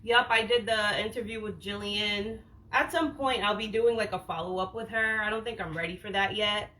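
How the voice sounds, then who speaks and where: A wellness livestream host from Boston, USA, she responds to viewer comments in a blunt, slangy way, peppered with "like" and the odd curse word. Her accent doesn't have the classic broad Boston vowels. She speaks at a moderate pace in a medium-pitched, steady voice that's bright and forceful, over a rough recording.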